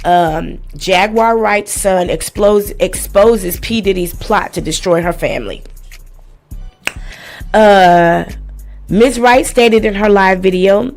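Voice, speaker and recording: A woman hosts a live commentary stream, trading in blunt, sarcastic and profane asides. Her voice sits at an ordinary middle pitch, and faint music hums along underneath. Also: slow, gravelly, darkish tone.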